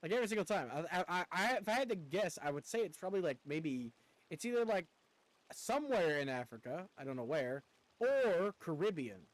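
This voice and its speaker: A man's voice: high-pitched, sing-song, fairly quick. A man streaming a video game, chatting casually as he plays, rambling and stammering and poking fun at himself. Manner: rambling, stammering, self-mocking. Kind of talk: casual gameplay commentary.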